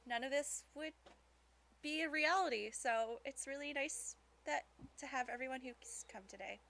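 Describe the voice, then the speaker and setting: A woman chatting casually on a stream, agreeable and quick to laugh. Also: sits high, gravelly, pushed and bright. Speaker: stream co-host. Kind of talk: casual chat.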